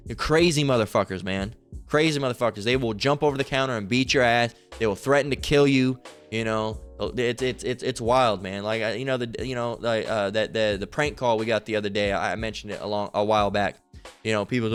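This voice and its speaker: A man's voice: medium pitch, a little fast, faint music behind. A man giving informal scripture commentary in a rambling, heated way, full of street slang and swearing. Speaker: online Bible teacher.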